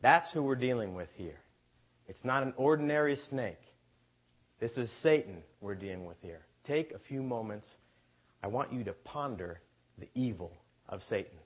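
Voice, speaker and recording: A man preaching a sermon with emphasis, pausing to ask his listeners rhetorical questions. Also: medium pitch, lively intonation, breathy edge. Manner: slow, emphatic, asks the congregation rhetorical questions. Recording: dull lo-fi recording.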